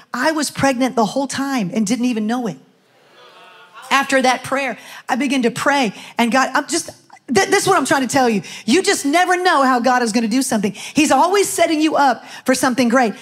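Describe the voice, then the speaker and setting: High-voiced woman pastor preaching. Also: lively intonation, brisk. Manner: storytelling, chatty asides to the congregation. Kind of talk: sermon. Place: church sanctuary.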